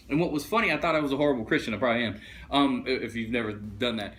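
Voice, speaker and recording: A man preaching a funny, conversational sermon. He is an animated storyteller who slips into other people's voices as he tells the story. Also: medium pitch, fast. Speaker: pastor. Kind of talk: funny sermon with acted bits.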